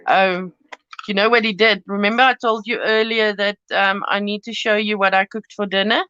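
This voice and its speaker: A woman chats her way through a live craft stream, rambling easily and breaking into giggles as she works with paper. Her voice sits at an ordinary middle pitch. The recording is dull and lo-fi, with a close, dry sound and no room echo. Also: fairly even intonation, a little slow, pauses often, bright, forceful tone, smooth. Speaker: craft channel host. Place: home craft studio.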